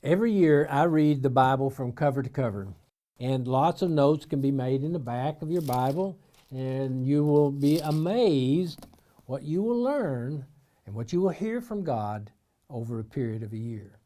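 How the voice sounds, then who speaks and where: A man's voice: medium pitch, lively intonation, moderate pace. A man from eastern Kentucky with an Eastern Kentucky accent, giving an informal devotional talk in a folksy storytelling way. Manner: folksy storytelling, acts out shouted voices in quotes. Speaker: missionary preacher.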